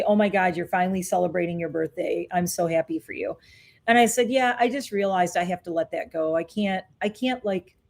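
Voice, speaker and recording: A woman's voice: lowish voice, a little mellow. A woman in her fifties, a beauty vlogger chatting candidly and reflectively through her skincare routine. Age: 50s. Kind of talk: casual chat during a skincare routine.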